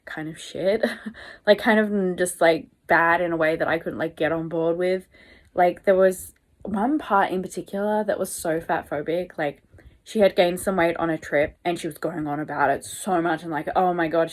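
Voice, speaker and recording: A young woman from Tasmania with an Australian accent, chatting casually about books in a vlog, full of fillers like "like" and "you know". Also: lowish voice. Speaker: book vlogger. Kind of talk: casual reading vlog chat.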